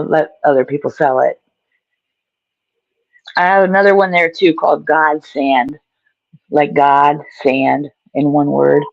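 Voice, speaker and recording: A guest author with a slightly high, gravelly voice chats casually on a video call, rambling, self-deprecating and often trailing off mid-thought. The call audio is dull and lo-fi, with no room sound.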